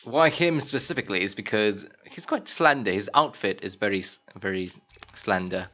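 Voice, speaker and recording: A man commentating live on his own gameplay, chatting casually and bursting into loud screams and laughs at the game. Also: lowish voice, normal speed. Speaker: game streamer.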